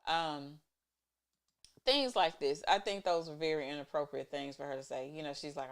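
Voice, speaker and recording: A woman's voice: deep voice, moderate pace. A woman hosting a casual show recap, chatty and exasperated as she retells scenes, talking on a webcam. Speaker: show recap host, intimacy coach.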